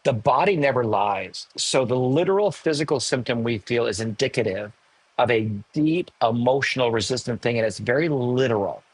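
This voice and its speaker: A man in his sixties, a podcast guest, telling a personal story candidly, emotional and animated with self-mocking asides. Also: mid-range voice, normal speed, slightly rough, dry recording, poor audio. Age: 60s. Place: home in the hills above a large city.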